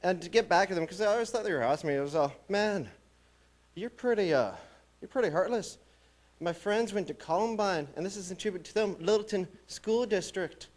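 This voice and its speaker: A young man from New Mexico doing a stand-up comedy set with a deadpan, wry delivery. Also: high voice, fast talker, few pauses. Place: small college theatre stage.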